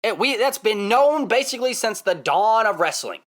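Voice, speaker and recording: An excitable man tells a story straight to the camera, his pitch leaping up and down as he talks. His voice is bright and forceful, and he keeps coming back to the same point with emphatic repeats. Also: normal speed. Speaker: vlogger.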